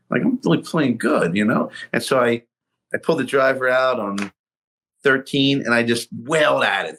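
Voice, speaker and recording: A middle-aged man telling a golf story in a casual interview, acting out what he and others said along the way. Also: medium pitch. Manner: animated storyteller, acts out his own past lines. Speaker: guest golfer telling his story.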